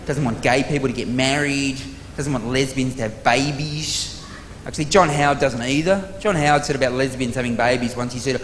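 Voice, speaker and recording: Profane Australian comic in a reverberant theatre. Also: male voice, medium pitch. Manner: rapid, profane, exasperated storytelling with sudden loud outbursts. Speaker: stand-up comedian. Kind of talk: stand-up comedy routine. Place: large theatre stage before a live audience. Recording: live theatre recording with long hall reverb and audience noise.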